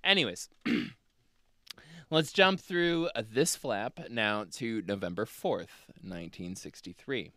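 This is a podcast host chatting casually with co-hosts, voice jumping around in pitch. The tone is bright and forward, and the mic picks up no room at all. Curses and laughter run through the talk. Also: takes it slowly, no room sound, clean studio sound. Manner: animated, swears freely, laughs often. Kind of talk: casual conversational podcast chat.

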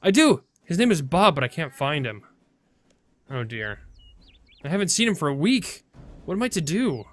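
A man's voice: fairly high pitch, very animated, normal speed, pauses often, fairly bright tone, no echo. A man voicing a fretful, anxious man who is fussing over his missing cat while reading a game's dialogue aloud. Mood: worried. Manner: anxious, fussing, lifted delivery.

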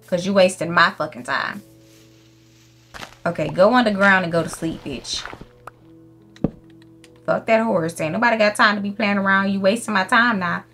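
A woman's voice: medium pitch, fairly quick, fairly bright tone, soft background music. A young woman giving casual gameplay commentary, brash and profane, scolding the animals in her game. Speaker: gaming YouTuber.

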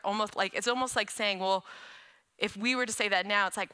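A woman giving a sermon as a guest speaker in a church, preaching in a conversational, animated way with casual asides to the congregation. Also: mid-range voice, moderate pace, clean tone. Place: church sanctuary.

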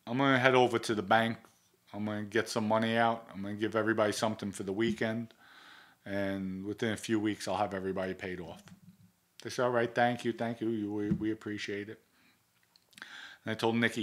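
A man with a low voice and a New York accent, retelling an old episode for an interview. He talks bluntly, swears freely and plays out each exchange in quoted dialogue. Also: steady tone, normal speed. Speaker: interview guest. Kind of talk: casual storytelling.

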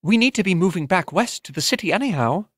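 A male narrator voicing a gentle, hopeful young woman who speaks softly and thoughtfully. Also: high-pitched, expressive, quick pace, dry recording, clean studio sound, voice pushed up. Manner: soft, thoughtful and consoling.

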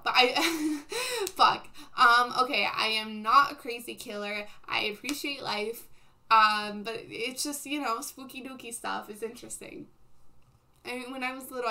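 A woman's voice: fairly high pitch, gravelly, bright, forceful tone. A young woman streaming live, chatting casually with her viewers, rambling and laughing often, with lots of "like" and "um.". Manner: filler-heavy, says "like" and "um" a lot. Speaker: livestreamer. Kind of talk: casual livestream chat.

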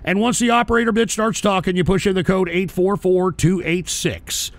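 A man's voice: high voice, fairly even intonation, normal speed, dry recording. A man hosting a call-in show, talking crude and ranting with constant swearing. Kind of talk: profane call-in stream chat.

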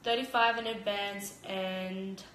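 A young Australian fighter livestreams a casual chat from her home kitchen on her phone camera, rambling, giggling and saying "like" often. Her medium-pitched voice is a bit bright with fairly even intonation at a slow pace, with roomy echo and slight background noise.

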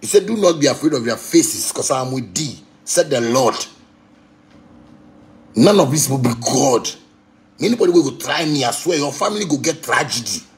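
A man in his thirties with a Ghanaian accent, speaking into a phone on a livestream. He rants and preaches with heat, lurching from loud, high outbursts down to low, muttered asides. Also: animated, moderate pace. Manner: preachy and heated, swings between loud outbursts and low murmurs. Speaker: musician live-streaming. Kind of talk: impassioned social media rant.

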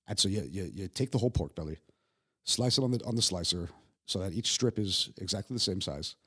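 A young man with a New York accent talks quickly in a casual podcast conversation. His voice sits low and has a rough, husky grain. He swears freely, stacks restarts and tells his stories with animated emphasis. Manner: profane, animated storyteller with many stammered restarts. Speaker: guest chef.

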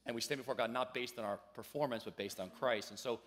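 Guy preaching in church, chatty storyteller, mid pitch, gets loud on the big lines. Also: fast talker. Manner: storytelling, conversational with sudden loud emphasis. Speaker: pastor. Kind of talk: sermon.

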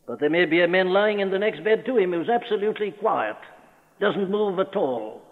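A high-pitched, expressive man preaches at normal speed, earnest and emphatic, posing rhetorical questions. It comes from an old radio broadcast recorded in a church's large hall, sounding thin and phone-like.

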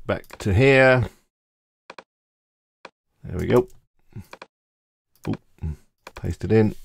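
A man hosting a screen-recorded software tutorial, talking casually and thinking aloud as he clicks through each step. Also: lowish voice, very slow, vocal fry, pauses often, no echo. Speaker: tutorial host.

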